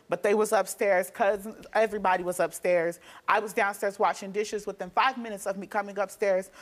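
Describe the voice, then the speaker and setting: A young woman, a guest on a talk show, recounting events in a rapid, emotional way. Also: medium pitch. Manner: rapid, emotional storytelling with restarts. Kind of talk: telling her story on a talk show. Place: TV studio stage.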